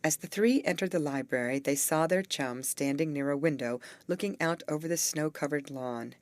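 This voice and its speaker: A woman narrating a graded English story for learners, reading slowly, clearly and evenly. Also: low voice, dry recording.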